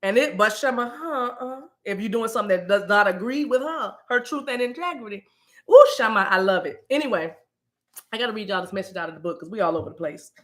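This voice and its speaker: A woman hosting a spiritual live stream in casual talk, animated and playful, breaking into chant-like sounds. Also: medium pitch.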